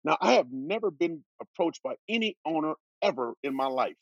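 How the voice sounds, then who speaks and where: Fifties male guest from Oregon, ex-football pro; husky, animated, dry dull recording. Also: fairly high pitch, normal speed, no room sound. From Oregon, USA. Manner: lively, laughs while telling stories. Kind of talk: animated storytelling.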